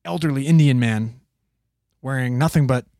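A young paramedic recounts a wild story from work, casual and full of profanity, animatedly acting out the people involved. His medium-pitched voice moves at a moderate pace, recorded in studio quality with no room sound.

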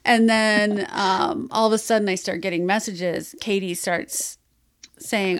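A woman's voice: mid-range voice, steady tone, measured pace. A woman podcast host telling stories expressively, swearing and laughing often. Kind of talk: animated anecdote telling.

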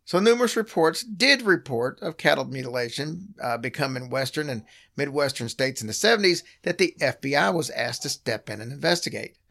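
A hoarse man hosting a casual podcast, telling stories in an animated way and often restarting his sentences. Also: medium pitch, brisk, few pauses. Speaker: podcast host.

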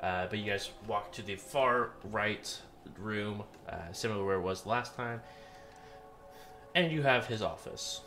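A man narrating a tabletop role-playing game as game master, halting with many fillers. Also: lowish voice, pushed and bright, faint music behind.

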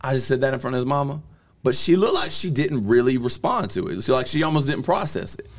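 A man, hosting a podcast and telling a story in a lively, laughing way that bursts into yelling. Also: mid-range voice, fast. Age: 30s. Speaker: podcast host. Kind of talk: casual storytelling chat.

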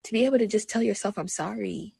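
A young woman hosting a personal podcast, talking candidly. She moves between soft reflection and animated self-talk. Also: medium pitch, quick pace, vocal fry, husky, dry recording. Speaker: podcast host.

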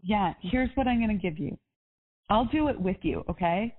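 A woman's voice: mid-range voice, expressive, moderate pace, husky. A woman life coach on a coaching call, chatty and upbeat, with lots of casual fillers. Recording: tinny phone line.

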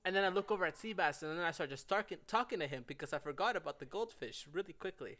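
A man's voice: sits high, fast talker, crowd noise. A young man, a podcast co-host, telling a story in casual chat, laughing and acting out quotes as he goes. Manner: animated, laughs through his stories, acts out quotes.

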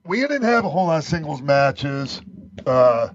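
Man, podcast co-host, gravelly, hesitant talker. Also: fairly high pitch, sing-song, no room sound, highs cut off. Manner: halting, full of fillers. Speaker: podcast co-host, former wrestler. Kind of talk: casual podcast chat.

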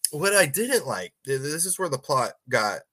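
A man's voice: on the high side, big pitch swings, moderate pace, pushed and bright, breathy edge. A man in casual podcast chat, rambling and stumbling over his words with frequent laughs.

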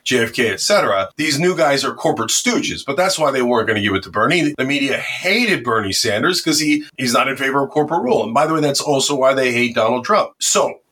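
A man talking as a podcast guest about politics, impassioned and combative, with a husky voice. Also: medium pitch, lively intonation, quick pace, few pauses, sharp tone. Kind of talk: animated political interview talk.

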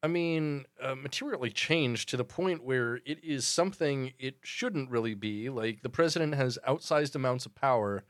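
A man's voice: mid-range voice, normal speed, hardly any pauses, no room sound, studio quality. A man co-hosting a podcast, sardonic and rambling in casual chat. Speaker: podcast co-host.

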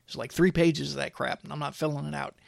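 Male host, opinion monologue; blunt, chatty, filler-heavy delivery; slightly high voice, dead-dry sound. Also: steady tone, fast, gravelly, no echo. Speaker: podcast host.

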